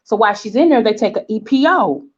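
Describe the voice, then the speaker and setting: A woman's voice: fairly high pitch, fast, slightly rough. Southern woman in her forties, lo-fi recording. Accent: Southern American. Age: 40s. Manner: animated storyteller, acts out quoted voices, checks in with "okay?". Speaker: vlog host. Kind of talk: casual storytelling chat. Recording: dull lo-fi sound.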